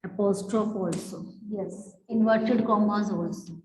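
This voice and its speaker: A woman teaching an online English class, explaining slowly and drawing out her words. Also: mid-range voice, steady tone, a little hiss or hum. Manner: slow, explanatory, drawn-out words. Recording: echoey hall-like room.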